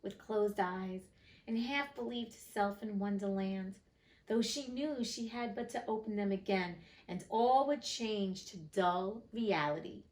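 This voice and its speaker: A woman's voice: mid-range voice, a little slow, a little mellow, poor audio. A woman reading a classic storybook aloud, with chatty, emotional asides to listeners. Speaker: reader of classic books.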